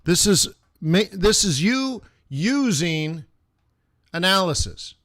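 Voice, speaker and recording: A man giving a live trading lesson who talks casually and directly to his viewers. He asks quick questions and chants price moves in rhythmic bursts. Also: sits high, very animated, a bit bright. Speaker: forex trading instructor.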